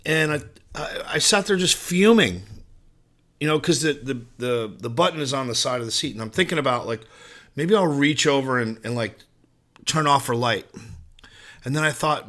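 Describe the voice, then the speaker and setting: A man's voice: mid-range voice, animated, moderate pace, bright, forceful tone. A man hosting a podcast, telling a rambling, profane story in casual conversation. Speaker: podcast host.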